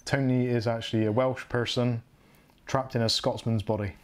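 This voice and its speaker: A man with an English West Country accent chats loosely on his home livestream, often stopping to correct himself. His voice sits at an everyday middle pitch. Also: flat delivery, normal speed. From England. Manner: rambling, self-correcting, chatty. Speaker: livestream host. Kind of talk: casual livestream chat.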